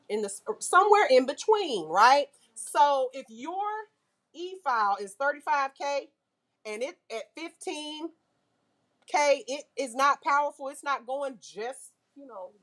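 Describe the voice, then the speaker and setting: A woman teaching a nail class, lively and full of questions to her students. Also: sits high. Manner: lively, asks the class questions, uses car comparisons. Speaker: nail instructor. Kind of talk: classroom lecture.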